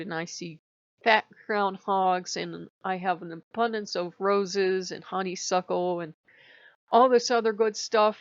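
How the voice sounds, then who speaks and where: A woman's voice: mid-range voice, no echo. A stuffed-up woman vlogging casually about her spiritual practice, rambling and chatty. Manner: rambling, chatty, quotes others in little voices. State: stuffed-up nose. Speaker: pagan devotional vlogger. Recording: dull lo-fi dry recording.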